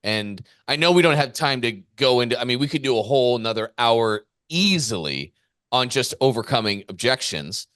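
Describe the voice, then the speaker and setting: A man's voice: mid-range voice, expressive, normal speed, a bit bright, no room sound, clean studio sound. Fired-up emphatic man on a podcast. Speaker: podcast co-host and business coach. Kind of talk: casual podcast chat.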